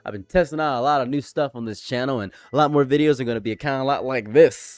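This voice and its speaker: Frank man lecturing his viewers. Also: mid-range voice. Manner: frank, lecturing, repeats points for emphasis. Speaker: commentary YouTuber. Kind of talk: casual commentary monologue.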